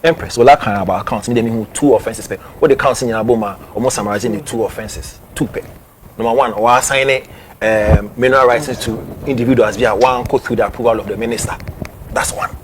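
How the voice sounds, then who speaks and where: A man's voice: medium pitch, steady tone, fast, slight background noise. A man with a Ghanaian accent hosting a talk show, explaining a case point by point. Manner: explains point by point, laughs in between. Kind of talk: news commentary talk show.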